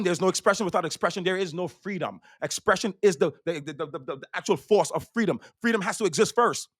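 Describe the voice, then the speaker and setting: Stand-up comic, male, high pitched, rambling profane delivery, dry sound. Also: no room sound. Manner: profane, rambling, repeats himself; swings between loud bursts and hushed asides. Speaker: stand-up comedian. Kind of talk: stand-up routine.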